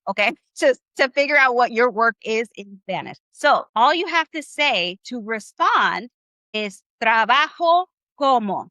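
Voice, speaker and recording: A woman teaching Spanish live online with a bright, forceful voice pitched a little high. Her delivery is upbeat and coaching, and she keeps firing questions at her viewers. The sound is close and dry. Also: no room sound, highs cut off. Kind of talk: live online language class.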